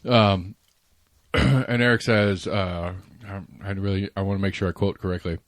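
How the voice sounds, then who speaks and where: A man talks in a loose, rambling way, stumbling over repeated words and swearing casually. His voice sits a little low. The recording is close and dry. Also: fairly even intonation, moderate pace, dry recording. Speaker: podcast co-host. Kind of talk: casual chat.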